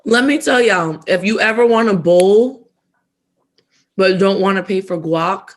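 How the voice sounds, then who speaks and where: A woman's voice: medium pitch, measured pace. A woman co-hosting a casual podcast while eating, chatty and laughing often as she shares tips. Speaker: podcast co-host.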